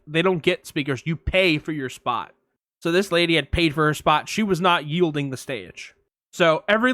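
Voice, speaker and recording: A man with a bright, fairly high voice tells anecdotes on a podcast. He talks in a casual, animated way and acts out the people and sounds in his stories. The recording is close and dry. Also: no room sound. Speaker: podcast co-host. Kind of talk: casual storytelling chat.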